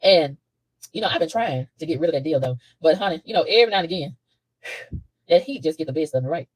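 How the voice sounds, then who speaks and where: A low-voiced woman talks fast to camera, swinging her pitch widely as she preaches in a casual, animated way. She laughs often and repeats herself for emphasis. The sound is dry and close. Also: breathy edge, no echo, poor audio. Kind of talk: casual spiritual monologue to camera. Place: hotel room.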